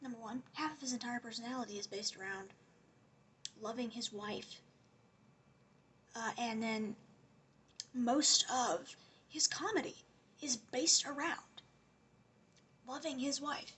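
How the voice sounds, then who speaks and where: A woman's voice: a little high, a little slow, pauses often, fairly bright tone, slight background noise. A woman giving a casual, rambling rant as a commentary vlogger, sarcastic and often dropping to a whisper.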